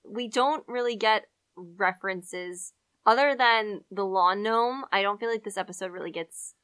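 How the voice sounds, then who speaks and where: Young woman, bright voice, podcast co-host, enthusiastic, casual chat. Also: mid-range voice, a little slow, clear, resonant tone, dry recording. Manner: enthusiastic, laughs easily.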